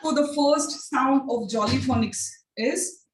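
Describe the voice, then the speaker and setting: A woman training teachers in phonics. She speaks in an encouraging way and drills each sound slowly and repeatedly. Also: sits high. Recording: echoey room, distant mic.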